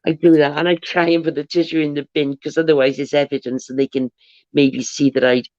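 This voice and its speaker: A woman's voice: low-pitched, flat delivery, fairly quick, a little mellow, dry recording. A woman hosting a livestream, rambling chattily through viewer comments with frequent restarts. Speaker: livestream host. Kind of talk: casual chat, reading viewer comments aloud. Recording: dull, dry, lo-fi audio.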